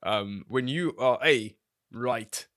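A man's voice: medium pitch, slow pace, no room sound, studio quality. A man co-hosting a casual film podcast, laughing and swearing as he talks. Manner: laughing, swearing, lively asides. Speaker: podcast co-host.

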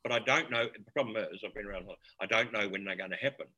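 A New man speaks with a lowish voice that has a forceful, bright edge. He is a podcast guest and former paramedic. He talks in a thoughtful, searching way, feeling for his words as he goes. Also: fast, lo-fi sound. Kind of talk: casual podcast conversation.

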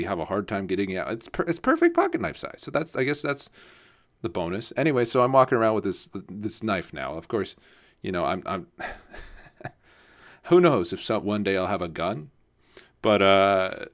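A man's voice: fairly low pitch, very animated, normal speed, fairly bright tone. A young man telling a casual story, rambling and swearing with lots of fillers and restarts.

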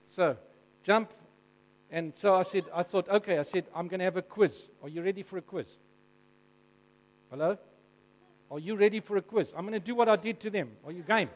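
A man with a South African accent preaching to a congregation. He tells stories in an animated, jokey way and keeps asking the audience questions. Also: sits high, fairly quick, long pauses, low-quality recording. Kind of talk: storytelling sermon to a live congregation.

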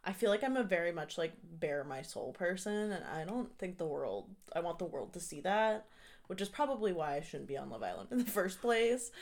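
A woman's voice: lowish voice, big pitch swings, normal speed. A woman in her twenties, a guest in a casual chat, rambling with lots of restarts and self-mocking asides.

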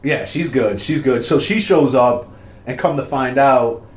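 A man co-hosting a casual film-review podcast, relaxed and agreeable, laughing along. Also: medium pitch, measured pace. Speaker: podcast co-host. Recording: echoey room.

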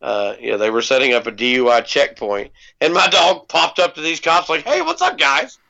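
A man's voice: medium pitch, moderate pace, creaky, pushed and bright. A man casually telling a long personal story on a podcast, laid-back, with plenty of ums and freely dropped swear words. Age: adult parent. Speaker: podcast co-host. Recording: dull lo-fi podcast audio.

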